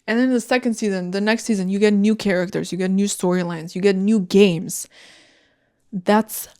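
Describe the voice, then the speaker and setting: A woman's voice: mid-range voice, steady tone, normal speed, a little mellow. A young woman hosting a solo podcast, ranting in a blunt, heated and profane way. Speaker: podcast host. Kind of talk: casual solo podcast rant.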